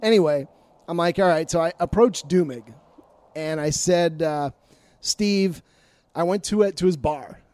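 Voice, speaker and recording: A man's voice: fairly high pitch, a little slow, no room sound. A man casually recounting sports media stories on a podcast, acting out the arguments he quotes. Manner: animated storyteller, acts out quoted arguments.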